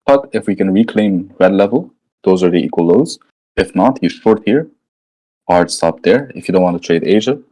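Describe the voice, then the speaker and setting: A man's voice: low voice, expressive, normal speed, mellow, poor audio. A man walking through trading charts live in a casual, slangy way, thinking aloud and often checking in with "right?". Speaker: trading educator.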